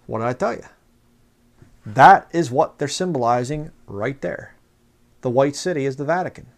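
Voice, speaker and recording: A man with a medium-pitched, gravelly, expressive voice delivers a fiery religious commentary video at a normal speed. Fired up like a preacher, he reads passages from books aloud and mocks views he disagrees with.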